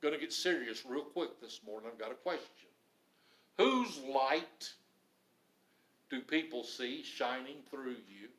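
A man's voice: mid-range voice, expressive, a little slow, fairly bright tone, far from the mic. A male pastor preaching a sermon, building emphasis through repeated phrases, recorded in a church. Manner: preaching with rising emphatic repetition. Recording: echoey room, voice from off-mic.

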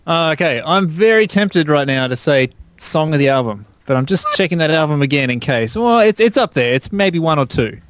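An eager man with a fairly high voice talks through a song piece by piece, gushing about horns and chord changes. His voice sounds dry and close, with no room around it. He is a regular co-host of a casual music podcast. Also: lively intonation, fairly quick, no room sound. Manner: enthusiastic, detailed song analysis.

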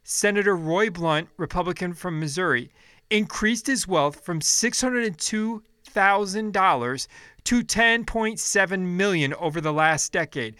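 A man's voice: high voice, lively intonation, measured pace, bright, forceful tone, smooth, no room sound, studio quality. A man giving a casual, blunt commentary, reading down a list and swearing freely in his asides. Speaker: political commentator.

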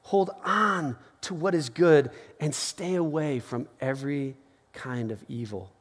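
A man's voice: a little high, a little slow, breathy edge. A man preaching a casual, conversational sermon as pastor, acting out little scenes and quotes. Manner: conversational, animated, acts out quotes with laughs. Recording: long hall reverb.

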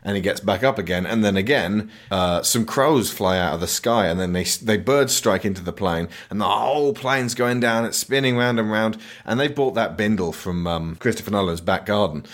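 A man's voice: on the low side, moderate pace, few pauses, fairly bright tone. A man hosting a film podcast, retelling a movie's plot in a rambling, jokey way. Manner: rambling, jokey retelling with silly put-on quotes. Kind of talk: casual film review chat.

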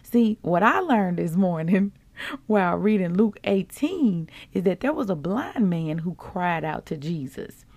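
Slow-talking lady host, gravelly voice, dry close mic, chatty preaching. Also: fairly low pitch, animated, a little mellow, no echo. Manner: casual, folksy, quotes scripture and acts out complaints. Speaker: podcast host. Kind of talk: devotional podcast preaching.

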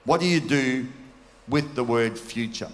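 A man's voice: medium pitch, unhurried. A man preaching a sermon in an earnest, conversational way, asking his listeners questions. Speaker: pastor. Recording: long hall reverb.

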